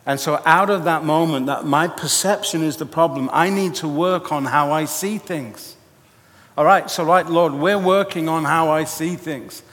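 A man preaching a sermon in an animated storytelling way, with jokey asides. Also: fairly high pitch, moderate pace. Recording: echoey hall reverb.

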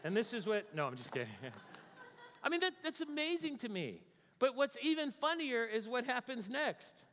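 A man's voice: very high voice, very animated, moderate pace, a bit bright. A man preaching a sermon as pastor, conversational with joking asides. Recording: long hall reverb.

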